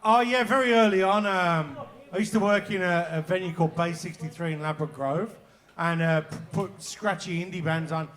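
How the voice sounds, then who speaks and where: An animated man in his fifties with a high voice spins a story as a panel guest, swearing freely and acting out the punchlines. He talks in an easy, lively way. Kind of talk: anecdote on a live panel show.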